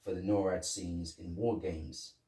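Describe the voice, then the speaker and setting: A lower-pitched man talks casually, cohosting a film review chat and slipping into lively impressions of characters. His voice sits back from the mic in a roomy, echoey space. A faint hiss runs underneath. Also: unhurried, far from the mic. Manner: animated, acts out lines from scenes. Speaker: podcast co-host.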